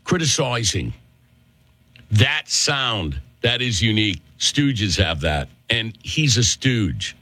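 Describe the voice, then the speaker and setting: Slow, animated Massachusetts-accented talk host. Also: male voice, lowish voice, no echo. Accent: Worcester, Massachusetts. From Worcester, Massachusetts. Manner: chatty, addresses listeners as folks. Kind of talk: opinionated talk radio monologue.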